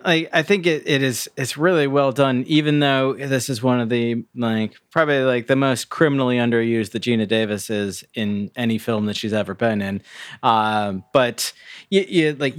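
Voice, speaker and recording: A man co-hosting a movie review podcast, easygoing and quick to murmur agreement. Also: medium pitch, no echo, clean studio sound. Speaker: podcast co-host. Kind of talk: casual movie review chat.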